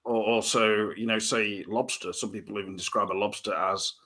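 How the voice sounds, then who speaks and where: A man cracking deadpan, rambling jokes while co-hosting a casual podcast chat. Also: lowish voice, moderate pace. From Australia. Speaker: podcast co-host. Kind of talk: casual banter.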